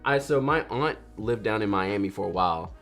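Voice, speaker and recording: A man in his thirties chats with viewers on his livestream, joking and acting out little quotes. His pitch jumps around with plenty of animation and a relaxed, easy manner. Faint music plays softly behind him. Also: moderate pace. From North Carolina, USA. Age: 30s. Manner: lively, jokey, reads chat aloud, acts out quotes. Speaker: photography livestream host. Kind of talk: casual livestream chat.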